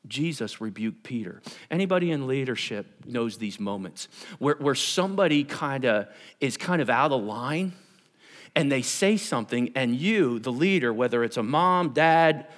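A man preaching a sermon to his congregation, animated and conversational, acting out Bible characters in everyday voices. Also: mid-range voice, moderate pace. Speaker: pastor.

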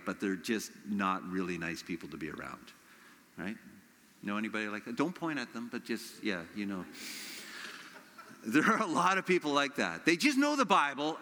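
Lively preaching man in a reverberant hall. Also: mid-range voice. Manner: lively, conversational, acts out quoted voices. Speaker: pastor. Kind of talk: sermon.

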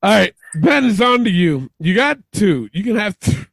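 A man's voice: high-pitched, very animated, moderate pace, gravelly, fairly bright tone. A man hosting a casual podcast, laughing helplessly and swearing a lot as he talks. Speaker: podcast host.

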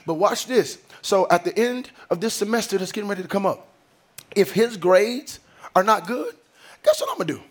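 High-voiced impassioned male preacher. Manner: dramatic preaching, acts out family scenes in voices. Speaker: pastor. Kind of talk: sermon. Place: on stage before a congregation.

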